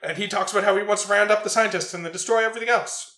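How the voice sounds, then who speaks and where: A man's voice: high voice, rapid-fire, reverberant. A man co-hosting a casual movie review chat, swearing and laughing as he retells scenes. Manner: swearing, laughing, animated storytelling. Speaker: podcast co-host.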